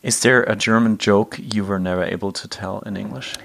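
Man, interviewer, low voice, gravelly, curious, halting. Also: fairly even intonation, fairly bright tone. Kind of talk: casual conversational interview.

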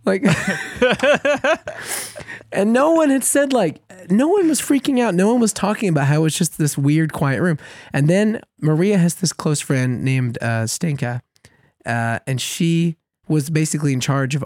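A man co-hosting a podcast, telling a long story in a casual, animated way, laughing at himself often. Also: fairly high pitch, unhurried, dry recording, studio quality. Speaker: podcast co-host.

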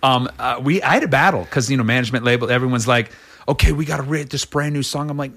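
Middle-aged male rock singer, interview guest, bright and forceful tone, loose rambling storyteller. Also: fast talker. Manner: rambling, many restarts, acts out quotes in a much higher voice. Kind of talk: animated casual interview storytelling.

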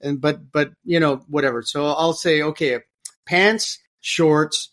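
A man talking in a conversational interview, lively and given to repeating words as he searches for a phrase. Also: on the high side, measured pace. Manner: animated, voices other people in anecdotes. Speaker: podcast guest.

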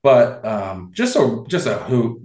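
A man hosting a casual sports podcast, animated and quick to laugh, with frequent restarts. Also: medium pitch. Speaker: podcast host. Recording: roomy echo.

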